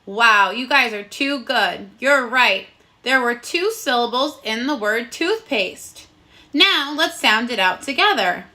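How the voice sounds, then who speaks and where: A woman teaching a recorded phonics lesson to young children, encouraging them and sounding out words slowly and clearly. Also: a little high, animated, pushed and bright. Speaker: first grade teacher.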